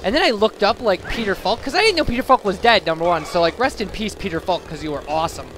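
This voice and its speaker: A man's voice: sits high, expressive, fast, a bit bright, slight background noise. A young man giving casual, rambling let's play commentary, chatty and self-deprecating with lots of fillers. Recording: game music playing behind.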